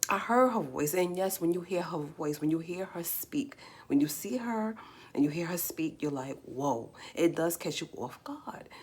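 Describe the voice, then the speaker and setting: A woman with a New York accent and a slightly raspy voice, hosting a live stream and talking emphatically, firing off rhetorical questions. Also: on the low side, animated, normal speed, a little mellow. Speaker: livestream host. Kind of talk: casual live commentary.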